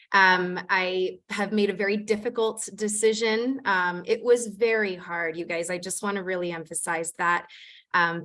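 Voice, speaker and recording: A woman city planner runs a community committee meeting over a video call. She talks in a chatty, easygoing way and fills her pauses with frequent ums. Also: mid-range voice. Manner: warm, chatty, many "um"s. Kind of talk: online meeting facilitation.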